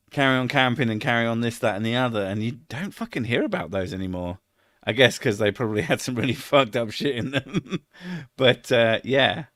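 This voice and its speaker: A man's voice: mid-range voice, a bit bright, no echo, clean studio sound. A middle-aged British man chatting casually on a live stream, rambling, swearing a lot and laughing at his own jokes.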